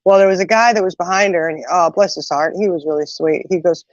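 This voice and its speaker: A woman's voice: fairly low pitch, fast talker, no echo. Chatty middle-aged woman, dull dry recording. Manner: chatty, animated retelling with many asides. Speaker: host. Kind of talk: casual storytelling chat. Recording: dull, slightly muffled sound.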